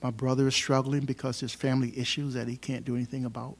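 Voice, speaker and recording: Male pastor, mid-pitched voice, emphatic sermon delivery, loud and soft by turns, church setting. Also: little pitch movement, fast talker, creaky. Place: church hall.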